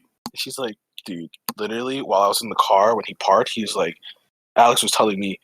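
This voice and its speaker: A man's voice: on the low side, fast talker, a little hiss or hum, low-quality recording. A young man co-hosting a podcast, telling a story in a casual group chat and acting out what his friends said. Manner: animated storytelling, acts out quoted friends. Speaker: podcast co-host.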